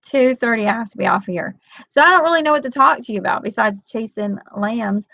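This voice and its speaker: Chatty livestream mom, gravelly, dry close room, dull lo-fi audio. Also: female voice, a little high, quick pace, dry recording. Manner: chatty, animated storytelling, greets viewers by name. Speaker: homeschooling mom livestream host. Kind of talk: casual livestream chat.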